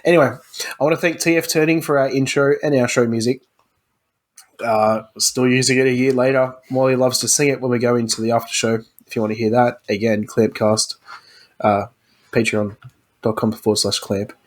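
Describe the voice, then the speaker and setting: A man hosting a casual podcast chat, relaxed, reading the show plugs at the end. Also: mid-range voice, fairly quick. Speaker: podcast host.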